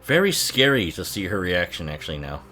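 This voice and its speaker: A man chats his way through a movie in a loose, rambling commentary, laughing often and swearing freely. His pitch bounces around in a lively, animated way as he sips bourbon between remarks. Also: fairly quick, soft background music. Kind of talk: casual watch-along commentary.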